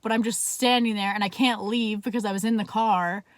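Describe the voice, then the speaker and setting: A woman's voice: medium pitch, fairly even intonation, fairly quick, no room sound. A young woman from Canada telling a story in a casual, chatty way, swearing often and filling her talk with "like". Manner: chatty, swears a lot, heavy use of "like". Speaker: vlogger.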